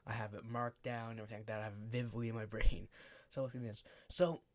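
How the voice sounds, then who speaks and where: A man's voice: lowish voice, level tone, quick pace. A teenage boy telling a story in a casual vlog, rambling and swearing often, with lots of fillers. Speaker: vlogger.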